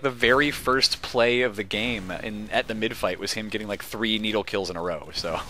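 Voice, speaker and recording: A young man calls an esports match play by play, his bright, sharp voice jumping up when the action swells. He rambles into jokey asides with plenty of ums and likes. A faint noise sits under his headset mic. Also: lowish voice. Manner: excitable, jokey, rambling asides with frequent fillers. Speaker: esports caster. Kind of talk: solo play-by-play commentary.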